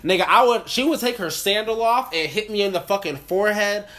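A young man co-hosting a casual chat podcast, talking in an animated, profane way and acting out voices in his stories. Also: high-pitched, brisk. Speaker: podcast co-host.

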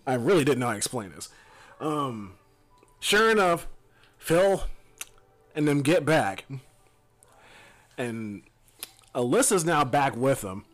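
A man's voice: mid-range voice, sing-song, slow, long pauses, a bit bright. A man, co-host of a podcast, telling a story in a rambling casual chat, swearing and laughing as he goes. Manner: rambling, profane, laughs while telling stories.

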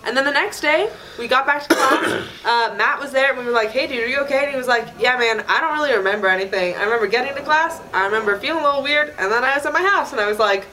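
A woman chatting casually on a podcast, telling a story with lively quoted voices and frequent laughter. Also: high-pitched, fast, few pauses, crowd noise, low-quality recording. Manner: animated, acts out quoted voices, laughs often.

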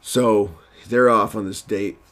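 A man's voice: on the low side, fairly even intonation, slow, a bit bright. A man casually recapping a TV episode at home, rambling and self-deprecating, with lots of fillers.

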